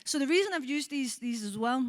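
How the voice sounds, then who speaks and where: A Scottish woman in her forties, a psychologist giving a conference talk, lively and engaging, often checking in with the audience. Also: high voice, a little fast. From Scotland. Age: 40s. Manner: lively, asks the audience with frequent "right?" and acts out quoted voices. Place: conference hall.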